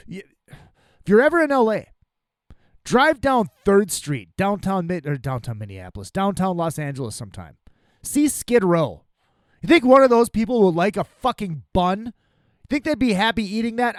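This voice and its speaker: A man hosting a podcast, ranting with profane exasperation. His voice sits high for a man and swings widely in pitch. The sound is dry and close to the mic. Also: big pitch swings, normal speed, no echo. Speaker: podcast host.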